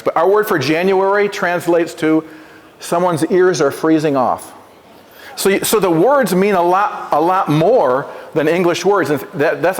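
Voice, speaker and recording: In a school hall with long trailing reverb, a high-voiced man visiting from the Oneida gives a classroom presentation. He stumbles into stammering restarts, questions the students, and has them repeat after him.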